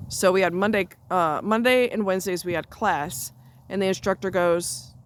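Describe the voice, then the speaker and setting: A woman's voice: medium pitch, moderate pace. A woman telling a story in casual chat, blunt and salty with frequent asides, recorded outdoors near a road while walking her dog. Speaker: vlogger.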